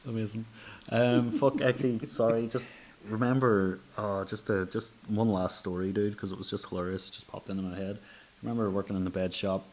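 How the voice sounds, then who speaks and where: A man with a very deep voice hosts a casual chat, swearing freely as he tells his stories. A faint hiss runs under the recording. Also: a little fast. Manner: sweary, animated storyteller. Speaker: podcast host.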